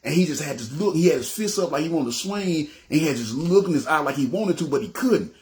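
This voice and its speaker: A man's voice: a little high, fast talker. A man with a Southern US accent telling his personal testimony, acting out the dialogue and often checking in with his listeners. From Memphis, US South. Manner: animated, acts out dialogue, keeps saying "you know what I'm saying". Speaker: ministry leader giving testimony.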